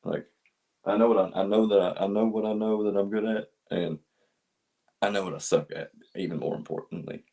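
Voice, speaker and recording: Husky low-voiced man joking around. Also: steady tone, fairly quick, warm tone. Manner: joking, self-mocking, swears freely. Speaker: comedian co-host. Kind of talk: casual chat.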